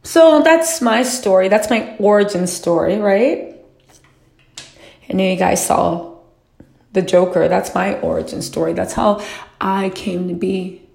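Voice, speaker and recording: A woman's voice: medium pitch, unhurried, gravelly, pauses often, darkish tone, echoey room. A woman vlogger telling a personal story in a reflective, questioning way, swearing casually now and then.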